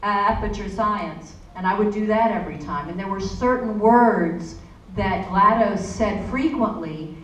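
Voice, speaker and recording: A woman's voice: mid-range voice, muffled recording. A woman voice actor answering questions on a convention panel, chatty and storytelling with many asides. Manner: chatty, warm storytelling with frequent "you know". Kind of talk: panel Q&A talk. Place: convention hall. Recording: echoey hall from far off, faint noise.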